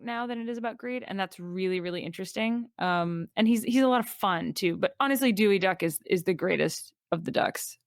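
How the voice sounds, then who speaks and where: A woman's voice: mid-range voice, no room sound, clean studio sound. Enthusiastic woman chatting as a guest. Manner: enthusiastic, rambling with many fillers. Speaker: podcast guest. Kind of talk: casual chat.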